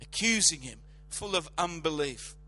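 A man delivers a sermon in a notably high, piercingly bright voice. His preaching is dramatic and emphatic, stretching words slowly and then rising to loud, insistent peaks. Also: animated.

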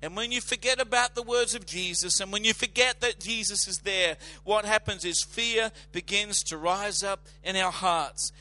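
A man preaching a sermon with dramatic, emphatic delivery, slowing to draw out words and swelling in volume. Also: high voice, pushed and bright.

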